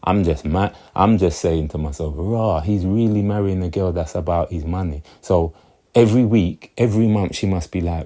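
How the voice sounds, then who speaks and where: Low-voiced man. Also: brisk, dark tone. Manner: rambling, repeats himself, keeps checking "you get me". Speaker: commentator. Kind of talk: casual monologue commentary.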